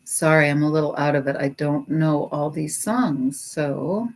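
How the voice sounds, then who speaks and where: A middle-aged woman on a casual livestream, gently and sympathetically chatting with viewers while thinking aloud through many pauses. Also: deep voice. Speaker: livestreamer taking song requests. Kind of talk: casual live-stream chat.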